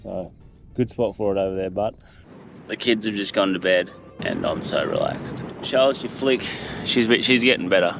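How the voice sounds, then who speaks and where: Laid-back Australian man, low voice, music under. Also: normal speed, vocal fry, highs cut off. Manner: laid-back, laughs often, storytelling. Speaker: vlogger. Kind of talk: casual vlog chat. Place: outdoors, coast and van. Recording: music playing over the voice.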